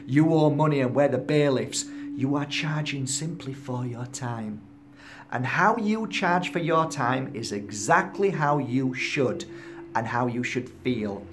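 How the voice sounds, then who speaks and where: A man, a spiritual healer and teacher, gives a motivational talk with an impassioned, emphatic, preaching delivery. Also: medium pitch. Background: music.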